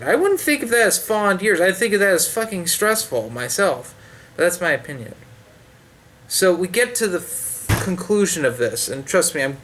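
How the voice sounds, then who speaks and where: Profane, sarcastic man with a bright voice. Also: sits high, big pitch swings, moderate pace. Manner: profane, sarcastic, frequent fillers. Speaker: book reviewer. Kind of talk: ranting casual review.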